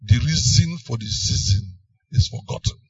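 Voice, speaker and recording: A man with a Nigerian accent preaching a sermon, emphatic, swinging between loud and soft phrases. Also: medium pitch, lively intonation, moderate pace, husky, dry recording, recorded from a distance, highs cut off.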